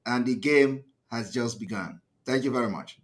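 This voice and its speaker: A man hosting a live call-in radio program, thanking and welcoming callers with a halting delivery. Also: medium pitch, a little hiss or hum. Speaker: radio host.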